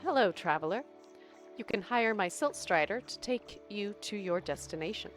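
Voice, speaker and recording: A woman reading a friendly caravan driver's lines in a soft, plain voice. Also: medium pitch, lively intonation, normal speed, faint music behind, close to an everyday voice.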